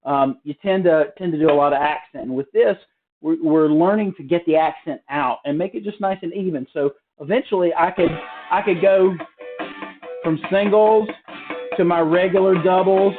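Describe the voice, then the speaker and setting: A man teaches drums in a casual, unhurried way, stopping and restarting as he explains. His voice sits a touch higher than most men's. The sound is narrow and phone-like, with faint practice-pad playing behind him. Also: soft background music. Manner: relaxed, explanatory, with many fillers and restarts. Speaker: drum teacher. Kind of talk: casual spoken drum lesson. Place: hotel room. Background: drum practice pad.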